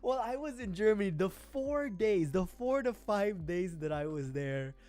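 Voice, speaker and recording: A woman's voice: medium pitch, lively intonation, normal speed, warm tone, dry recording. A woman streamer chatting casually on a livestream, rambling, with frequent laughing fits and restarts. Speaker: VTuber streamer. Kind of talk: casual livestream chat while building a model kit.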